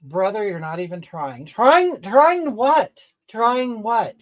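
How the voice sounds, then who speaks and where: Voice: medium pitch, big pitch swings, moderate pace. A performer voicing a crude, entitled, brash woman, scolding and indignant, rambling at chat in an improvised comedy stream. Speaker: comedy livestreamer reading comments in character.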